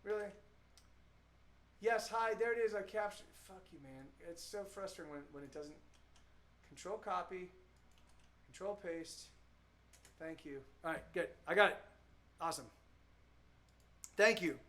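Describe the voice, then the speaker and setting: A man's voice: high voice, measured pace, long pauses, pushed and bright. A man who is a musician, chatting casually on a live stream, rambling and restarting his sentences, laid-back and profane. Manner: rambling, with many restarts and repeated words. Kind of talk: casual chat.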